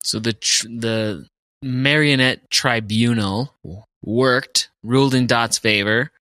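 Enthusiastic Midwestern podcast co-host. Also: male voice, mid-range voice, fairly even intonation, slow pace, bright, forceful tone, dry recording, clean studio sound. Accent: Midwestern American. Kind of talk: casual chat.

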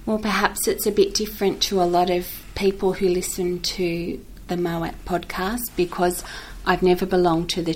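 A woman answering interview questions about her upbringing in a measured, reflective way. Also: on the low side, a little hiss or hum, poor audio. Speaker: podcast guest. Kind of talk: recorded personal answers.

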